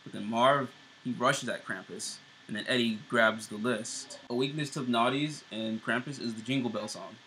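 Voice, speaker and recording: A man casually walks through the plot of two TV episodes, full of "uh" and "basically." His voice is bright and forceful at an everyday pitch. A faint hiss sits under the recording. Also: steady tone, normal speed, hardly any pauses, rough recording. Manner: recaps plot loosely, many fillers and restarts. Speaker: show co-host.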